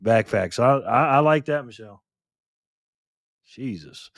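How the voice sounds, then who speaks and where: A middle-aged man hosting a casual live stream, lively and teasing, laughing often as he reacts to chat. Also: medium pitch, unhurried, no room sound, clean studio sound.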